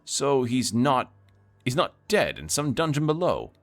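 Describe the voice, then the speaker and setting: A man's voice: low-pitched, wildly swooping pitch, normal speed, fairly bright tone, soft background music, heavily acted. A man voicing a smug, scheming male city lord who speaks in a clipped, haughty, condescending way. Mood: imperious.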